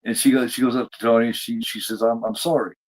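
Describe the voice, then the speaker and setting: A man's voice: mid-range voice, flat delivery, fast talker, poor audio. A man casually recapping a TV episode as a podcast co-host, rambling with lots of fillers and restarts.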